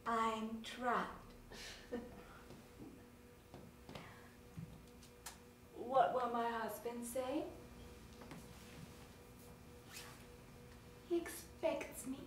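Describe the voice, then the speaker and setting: A woman's voice: a little high, slow pace, a little hiss or hum. An actress playing a coy married woman, echoing from a far stage. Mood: frightened. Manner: theatrical, coquettish and teasing. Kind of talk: live stage play. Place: small theater stage.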